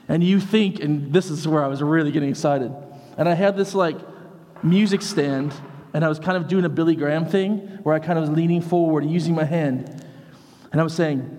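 A man preaching a sermon as vicar, telling a funny story in an animated way, moving from hushed lines to shouts. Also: a little high, fairly quick, big-room sound.

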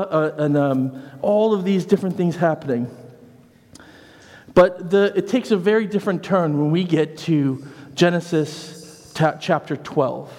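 Conversational preacher in echoing church. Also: male voice, high voice. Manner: lively, conversational, acts out quoted voices. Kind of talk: sermon. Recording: church hall reverb.

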